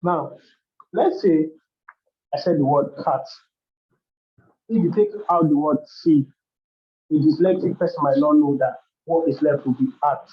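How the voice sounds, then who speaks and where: A man's voice: fairly high pitch, a little slow, pauses often. A man hosting a workshop, explaining topics step by step in a loose way with frequent restarts. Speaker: workshop host. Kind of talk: educational talk. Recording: dull lo-fi sound.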